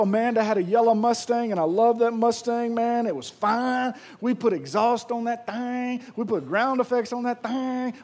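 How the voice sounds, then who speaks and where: A middle-aged man preaching a sermon, telling stories in a lively way with frequent restarts. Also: high-pitched. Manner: lively storytelling with repeated restarts. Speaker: pastor.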